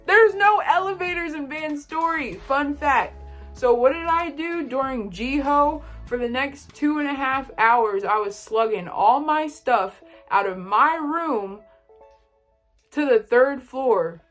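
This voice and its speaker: A young woman vlogging, telling a casual story from college and quoting people in animated bursts. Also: high voice, slow pace, soft background music. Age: young adult.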